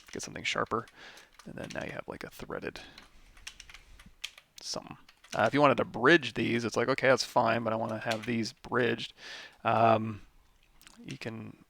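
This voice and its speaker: A tired man with a lot of vocal fry, teaching a live software tutorial and thinking aloud as he works through menus. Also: medium pitch. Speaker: 3D modeling instructor.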